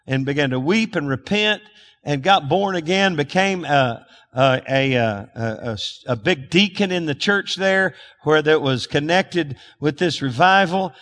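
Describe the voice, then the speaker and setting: A man's voice: fairly high pitch, fairly bright tone, big-room sound. A man preaching a sermon at a church revival, telling folksy stories and repeating himself. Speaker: pastor.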